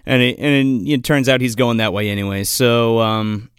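A man's voice: medium pitch, normal speed, clear, resonant tone, dry recording, clean studio sound. A man co-hosting a podcast, recapping a film in casual, rambling, profane talk full of fillers. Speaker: podcast co-host. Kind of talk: casual movie recap chat.

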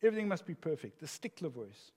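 Older pastor, lively voice, hall reverb. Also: male voice, fairly high pitch, quick pace, slightly rough. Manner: animated storyteller, laughs at own jokes. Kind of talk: sermon.

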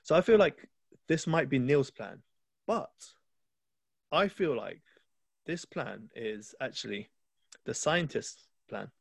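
A man's voice: mid-range voice, expressive, slow pace, creaky, long pauses, breathy edge, dry recording. A man co-hosting a podcast, chatting casually and enthusiastically about a film, rambling with restarts. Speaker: podcast co-host.

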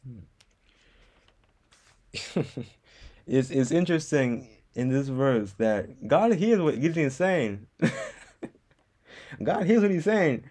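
A man's voice: mid-range voice, animated, takes it slowly, pauses often, mellow. A man preaching a podcast sermon with passion, repeating lines for emphasis.

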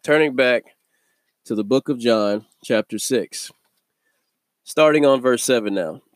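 A man hosting a daily devotional video, teaching from the Bible in a relaxed, conversational way and chuckling between thoughts. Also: medium pitch, unhurried, no echo, clean studio sound.

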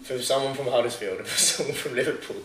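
A man's voice: medium pitch, fast, crowd noise. Rambling, sweary man in a roomy room. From southern England. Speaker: podcast host. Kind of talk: casual chat. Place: living room of a home. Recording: roomy home recording with faint hiss.

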